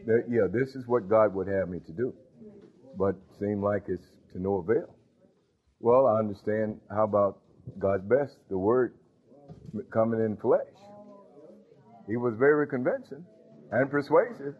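A male pastor giving a sermon, halting with fillers, then building to emphatic points. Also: fairly low pitch, husky. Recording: tinny phone-like audio.

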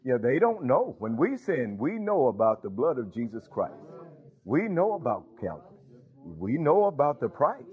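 A man's voice: medium pitch, big pitch swings, normal speed. A man preaching a sermon, emphatic, with call-and-response interjections. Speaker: pastor. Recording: tinny phone-like sound.

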